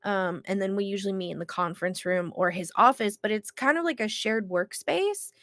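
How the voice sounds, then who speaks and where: A woman's voice: mid-range voice, brisk, a bit bright, no room sound. A woman co-hosting a casual podcast, telling a story with lots of animation and casual swearing, her voice congested from illness. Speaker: co-host.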